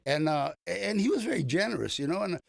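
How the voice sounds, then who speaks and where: A man's voice: high-pitched, expressive, fairly quick, gravelly, dry recording, clean studio sound. An older man, a comedian being interviewed, telling long stories in a casual, rambling way with many restarts. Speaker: comedian guest.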